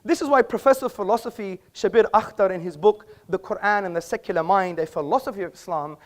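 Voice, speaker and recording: A man's voice: high voice, quick pace. A man speaking as a debater in a live public debate, making emphatic, rhetorical points to an audience in an auditorium.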